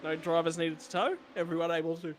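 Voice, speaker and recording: A man with an Australian accent giving live race commentary, jokey and excitable. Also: a little high, fast, a little hiss or hum. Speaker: sim racing commentator.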